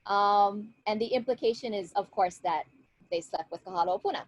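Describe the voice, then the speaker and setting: A woman's voice: medium pitch, normal speed, no room sound, rough recording. A woman retelling a legend in a casual, conversational way, often checking in with her listeners over a video call. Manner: lively, conversational, checks in with "right?". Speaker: storyteller and guest speaker.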